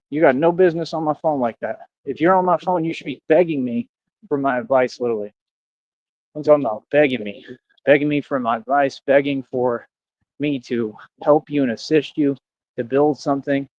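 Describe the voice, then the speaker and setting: A man's voice: medium pitch, moderate pace, a little mellow, dry recording, highs cut off. A man livestreaming, talking straight to his chat in a boastful, confrontational, slangy way. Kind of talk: casual livestream rant to chat.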